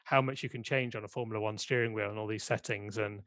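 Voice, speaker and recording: A man's voice: fairly low pitch, steady tone, fast talker, a bit bright, dry recording. A British man co-hosting a casual podcast, talking in a chatty, rambling way. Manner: chatty, rambling, self-deprecating. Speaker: podcast co-host. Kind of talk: casual chat.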